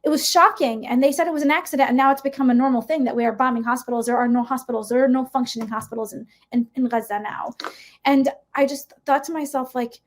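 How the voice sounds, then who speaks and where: High-pitched woman, middle-aged, impassioned and emphatic, podcast interview guest. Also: steady tone, quick pace. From United States. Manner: impassioned, emphatic, frequent rhetorical "right?". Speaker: guest educator.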